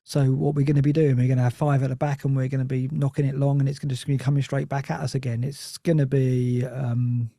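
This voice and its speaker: A man's voice: medium pitch, level tone, fast talker, creaky, hardly any pauses, dark tone, dry recording, studio quality. A man chatting on a football podcast, rambling and restarting his sentences often. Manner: rambling, self-interrupting, many restarts. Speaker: Nottingham Forest fan guest. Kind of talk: casual podcast chat.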